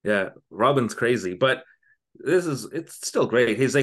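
A man's voice: medium pitch, lively intonation, normal speed, a bit bright. A man co-hosting a podcast, casually retelling a TV episode with lots of fillers and asides. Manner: rambling, filler-heavy retelling. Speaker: podcast co-host. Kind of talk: casual chat recapping a TV episode.

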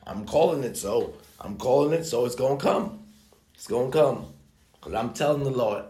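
A man's voice: mid-range voice, normal speed, darkish tone. A man giving a profane, preachy motivational rant, talking emphatically and swearing often. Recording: echoey room.

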